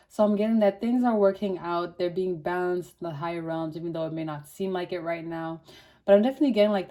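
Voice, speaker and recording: A young woman reads tarot cards in a loose, slangy, chatty way, leaning on fillers as she goes. Her voice is mellow and warm and sits a little low. She talks to viewers like friends. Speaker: tarot reader. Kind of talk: casual tarot reading.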